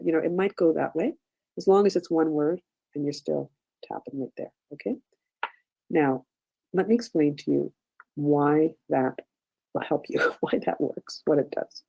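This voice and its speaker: A woman leading an online workshop, talking conversationally, giving gentle step-by-step guidance and checking in often with "okay?". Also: low-pitched, gravelly, slightly rough, low-quality recording. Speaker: workshop instructor.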